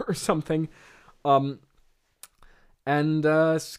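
A man's voice: fairly high pitch, unhurried, clean tone. A man hosting a podcast, talking in a rambling, laughing way full of fillers. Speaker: podcast host. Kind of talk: casual comedic commentary.

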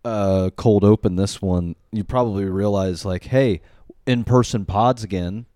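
Young man, podcast co-host, casual rambling chat, frequent swearing, lowish voice, dry close mic. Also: a little slow, mellow, dry recording. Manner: rambling, heavy filler words, swears often. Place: living room. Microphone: studio mic.

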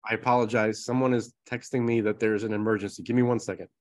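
A man's voice: on the low side, flat delivery, fast talker, darkish tone. A man co-hosting a podcast in casual chat, joking and easygoing. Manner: joking, easygoing, apologetic asides. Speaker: podcast co-host.

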